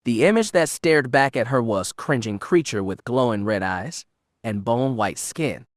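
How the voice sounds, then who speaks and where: A man narrating an unabridged audiobook in a steady, measured storytelling manner. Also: mid-range voice, no room sound, studio quality.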